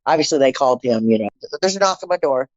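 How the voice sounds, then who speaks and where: A middle-aged woman, a podcast guest, telling her personal story in an animated way, acting out the dialogue and repeating phrases for emphasis. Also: very deep voice, quick pace, dry recording, lo-fi sound.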